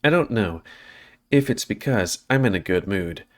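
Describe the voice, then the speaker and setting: A man's voice: fairly low pitch, expressive, normal speed. A man playing through a visual novel, reading it aloud and breaking off into casual, rambling asides. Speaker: let's play host.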